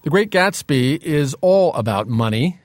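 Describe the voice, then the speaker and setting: A man's voice: a little high, lively intonation, unhurried, no echo. A man hosting a radio feature, asking questions and narrating in a conversational way.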